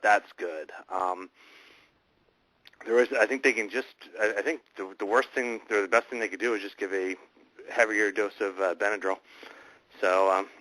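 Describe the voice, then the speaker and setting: Low-voiced, bright-toned male show host. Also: poor audio. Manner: halting, rambling, with many restarts. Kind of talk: casual online radio chat.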